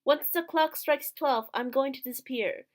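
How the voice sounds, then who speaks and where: Woman reading as a soft-spoken, resigned young man in a visual novel, voice stays high. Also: normal speed, close to an everyday voice. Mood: tender. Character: young man, gentle and resigned, fading away.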